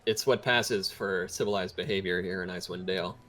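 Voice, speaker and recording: A man as dungeon master, narrating and speaking for characters in a measured, expository way. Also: low-pitched, steady tone, pushed and bright. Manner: expository, measured, with many fillers. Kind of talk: narrating a tabletop game in character.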